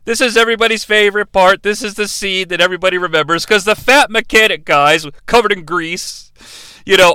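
A man recapping a movie in an animated, joking commentary style. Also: sits high, clear, resonant tone, no room sound. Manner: animated, joking, breaks into impressions. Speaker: movie reviewer.

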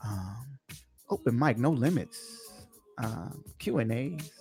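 A man hosting a casual podcast interview with laid-back, slangy banter and drawn-out announcements. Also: medium pitch, expressive, gravelly, a little mellow, soft background music. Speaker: host.

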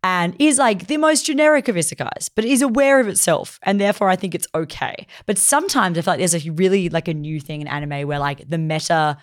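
Low-voiced woman chatting animatedly. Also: a little fast, few pauses. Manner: chatty and animated, acts out characters' lines. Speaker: podcast co-host. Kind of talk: casual chat recapping an anime.

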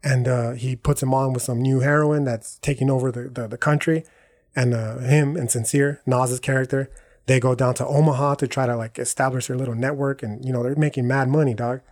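A man's voice: medium pitch, steady tone, brisk, darkish tone. A man hosting a podcast in a casual, slangy monologue, profane and rambling, checking in with "right?" and "dog" as he goes. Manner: rambling, self-correcting. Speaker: podcast host.

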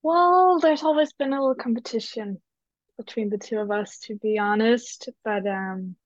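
A woman's voice: a little high, normal speed, dry recording. A young woman from Denmark, chatting on a podcast as guest co-host, giggly and hesitant with lots of "like". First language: Danish. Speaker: exchange student guest co-host. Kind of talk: casual podcast chat. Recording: dull lo-fi audio.

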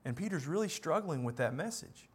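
Male preacher, higher-pitched voice, earnest sermon delivery with swells of emphasis and soft drops. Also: lively intonation, a little fast, husky. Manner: earnest, swings between rising emphasis and quiet asides.

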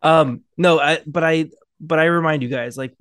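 Casual halting man on a podcast. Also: fairly high pitch, a bit bright, clear, resonant tone, dry recording, studio quality. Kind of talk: casual chat.

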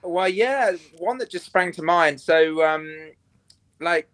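Bright-toned crude man telling stories. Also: high-pitched, lively intonation, takes it slowly, no echo. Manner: crude, rambling storyteller with lots of fillers. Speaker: podcast guest. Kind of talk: casual chat.

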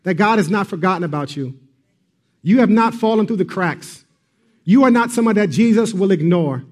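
High-voiced earnest man preaching. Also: lively intonation, moderate pace, a little mellow. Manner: earnest, repetitive emphatic preaching with fillers. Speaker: pastor. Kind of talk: sermon.

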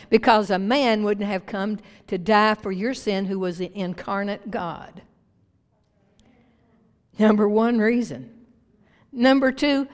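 A woman pastor preaching a sermon to her church with emphatic swings in pitch and volume. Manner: emphatic preaching with big rises and drops in pitch and loudness. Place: church sanctuary. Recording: long reverb of a church hall.

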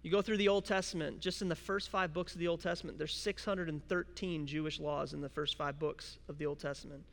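A male pastor delivers a sermon in a fairly high voice that rings through a large hall with long reverb. He tells stories casually, breaking in with quick self-deprecating jokes, then turns to Scripture. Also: steady tone, vocal fry.

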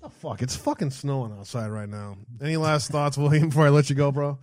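A man's voice: mid-range voice, fairly quick, no room sound, studio quality. A man hosting a call-in show in loose, profane casual chat, laughing often.

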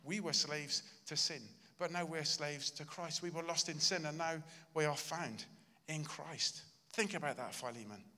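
A man preaches in a sermon, his voice very bright and forceful as it rings through a reverberant church hall. He stresses his points earnestly and acts out the lines he quotes. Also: on the high side, normal speed. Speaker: pastor.

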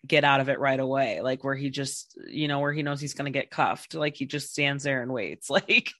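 A woman's voice: very deep voice, steady tone, normal speed, fairly bright tone, no room sound, studio quality. A woman hosting a podcast interview, talking in a rambling, casual way with many fillers and restarts. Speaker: podcast host.

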